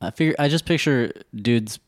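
A man's voice: medium pitch, normal speed, no echo, clean studio sound. A man hosting a comedy podcast, bantering playfully and laughing often. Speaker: podcast co-host.

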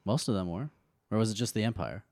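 A man's voice: fairly low pitch, lively intonation, quick pace, darkish tone, dry recording, studio quality. Laughing guy asking playful questions. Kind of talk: casual chat.

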